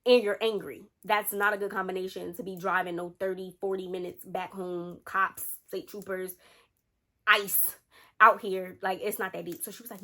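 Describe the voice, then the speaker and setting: A young adult woman with a medium-pitched voice talks briskly as a storytime vlogger, telling her tale casually. She's animated, acting out quoted lines from her friends and her boyfriend.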